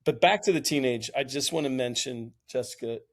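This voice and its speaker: A man, around his fifties, talking thoughtfully and in a measured way on a podcast. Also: medium pitch. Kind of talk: reflective podcast conversation.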